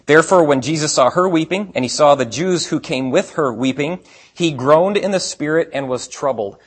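A man preaching a sermon in a conversational way, asking rhetorical questions and swinging between quiet asides and emphatic points. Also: fairly high pitch, normal speed, breathy edge. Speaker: pastor.

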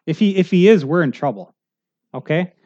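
A man's voice: high voice, expressive, moderate pace, darkish tone, muffled recording. A middle-aged male pastor preaching a sermon in a conversational, earnest way, often checking in with the congregation.

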